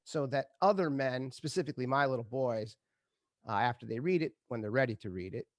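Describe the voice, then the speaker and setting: A man's voice: mid-range voice, fairly quick, no room sound. A middle-aged man, a retired ad executive, telling stories as a guest in an interview and acting out quotes with laughs. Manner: animated storyteller, acts out quotes, laughs often. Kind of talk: conversational interview storytelling.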